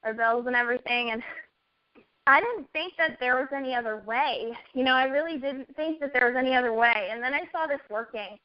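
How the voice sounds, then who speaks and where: A young woman with a high, bright-toned voice tells her story in an earnest, heartfelt way, often acting out what she and others said. The recording is dull and lo-fi. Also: fairly quick. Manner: earnest storytelling, quotes herself. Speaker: network marketing guest. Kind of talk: casual chat. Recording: dull lo-fi audio.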